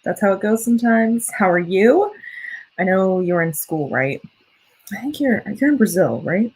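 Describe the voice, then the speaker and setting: On poor audio, a young American woman speaks at a moderate pace in an expressive mid-range voice that's a little mellow and slightly rough. A student writer, she hosts a laid-back livestream, reading comments and talking with viewers while rambling and correcting herself.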